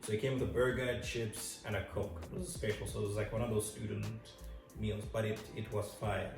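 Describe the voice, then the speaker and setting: A man's voice: fairly low pitch, steady tone, fairly quick, creaky. A man from Zimbabwe telling a story in a casual, chatty, self-mocking way. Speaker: vlog co-host. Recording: echoey room, distant mic, music.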